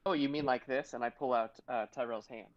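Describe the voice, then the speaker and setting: A man's voice: medium pitch, fairly even intonation, fairly quick, dry recording, muffled recording. A man playing a tabletop game, rambling hesitantly with many fillers. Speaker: player. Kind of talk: casual tabletop role-play.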